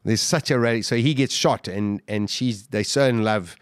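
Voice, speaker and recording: Intense, halting man telling a survival story. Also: fairly low pitch, clean tone, no echo, studio quality. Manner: intense, halting with repeated restarts. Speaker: podcast guest. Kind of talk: emotional storytelling interview.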